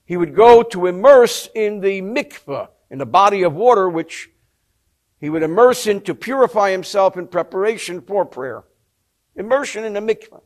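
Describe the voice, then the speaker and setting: Speaking at normal speed in a high-pitched, animated voice, a Torah teacher leads a lesson on a religious text. He narrates a story with expression and translates Hebrew terms into English along the way.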